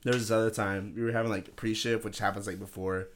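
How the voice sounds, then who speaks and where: This young man, co-hosting a podcast, tells his friends a crude tale with plenty of swearing and laughter, animated throughout. His voice sits lowish and moves fast, with a slight hiss or hum on the recording.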